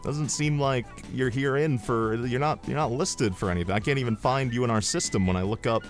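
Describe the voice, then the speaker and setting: A man's voice: mid-range voice, fairly quick, soft background music, natural voice. Man doing a laid-back bearded service clerk. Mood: puzzled.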